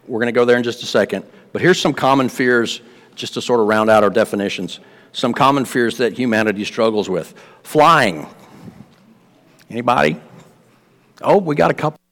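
A man's voice: lowish voice, a bit bright. A man preaching a sermon in a casual, conversational way, often repeating words and asking the congregation questions. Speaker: pastor. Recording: long reverb of a hall.

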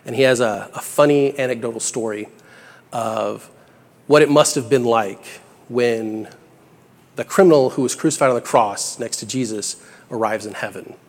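Speaking at normal speed in a mid-range voice, a young man preaches a sermon that is casual and heartfelt. He's conversational and earnest, rising into emphatic peaks on key lines, while his words linger in a long church-hall reverb.

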